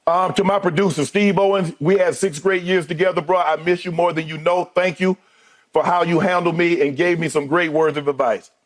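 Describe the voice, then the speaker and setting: A man in his fifties, a sports debate co-host, giving a heartfelt, choked-up farewell speech with halting restarts in a TV studio. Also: on the high side, steady tone.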